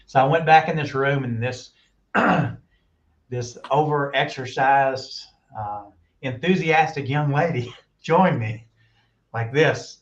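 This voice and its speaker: A man telling long, animated stories in casual chat and acting out the quoted voices, recorded with muffled audio. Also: mid-range voice, takes it slowly. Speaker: guest on a talk stream. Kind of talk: casual storytelling.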